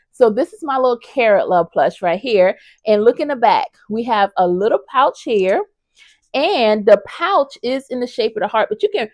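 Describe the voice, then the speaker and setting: A woman's voice: a little high, no room sound. A woman vlogger chatting casually about her crochet projects, enthusiastic and talking straight to her viewers. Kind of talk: casual review chat.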